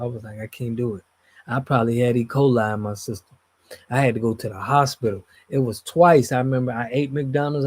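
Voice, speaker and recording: A man's voice: medium pitch, husky. A man hosting a live stream, chatting casually and reading viewer comments in a loose, slangy way, his voice trailing off at the ends of phrases. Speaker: streamer host reading chat.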